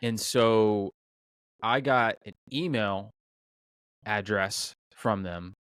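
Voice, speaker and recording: A middle-aged man with a somewhat low voice tells a story in a relaxed interview and plays out each exchange with quick restarts and fillers. The sound is dry and close, with no room around it. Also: smooth, no room sound. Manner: animated storyteller, acts out quoted dialogue, many fillers and restarts. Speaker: restaurant owner, podcast guest.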